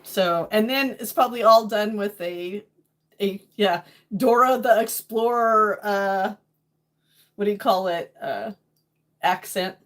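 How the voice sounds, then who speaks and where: Speaking slowly in a mid-range voice, a middle-aged New England woman chats casually with viewers on a livestream. She's playful and laughs a lot.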